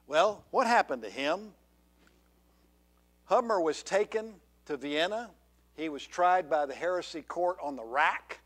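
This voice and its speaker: A man's voice: a little high, animated, a little slow. A man preaching a sermon as pastor, earnest and full of rhetorical questions to the congregation. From Georgia, USA. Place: church sanctuary.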